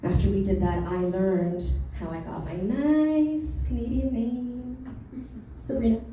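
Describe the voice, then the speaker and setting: A woman's voice: a little high, fairly even intonation, slow pace, warm tone, distant mic, slight background noise. A young woman from Nicaragua doing a stand-up set, chatty, losing her place and laughing at her own jokes. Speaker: stand-up comedian. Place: comedy club stage. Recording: echoey club recorded from afar.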